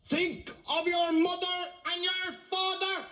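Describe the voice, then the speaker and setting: A man acting out a stern old nun, with a voice pushed very high and a slow, fussy delivery. She is strict and disapproving, a figure in a told joke. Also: little pitch movement, sharp tone, full character voice. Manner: shrill, slow and prim.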